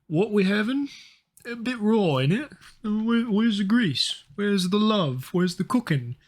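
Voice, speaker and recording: A man's voice: sits high, animated, unhurried, a little mellow, voice pushed up. A man doing a swearing scouse lout. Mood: outraged. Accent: put-on Scouse. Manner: exaggerated, swearing, indignant. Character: crude loudmouth British man, grumbling about food.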